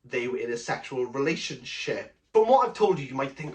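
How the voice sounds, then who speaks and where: A woman giving a book review in a casual vlog, gushing and animated with lots of "like" fillers. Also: extremely low pitch, moderate pace. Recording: roomy, from a distance from the mic.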